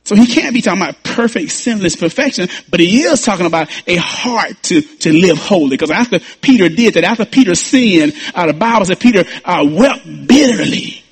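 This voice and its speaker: Male pastor, higher voice, husky tone, emphatic sermon delivery with stammered restarts. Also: lively intonation, brisk, hardly any pauses. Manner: emphatic preaching with repeated phrases and stammered restarts.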